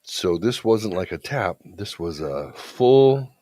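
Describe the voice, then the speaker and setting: On a podcast he co-hosts, a man tells a story in casual chat, blunt, profane and confident. His voice is low, warm and expressive, and he speaks slowly. The recording is dry.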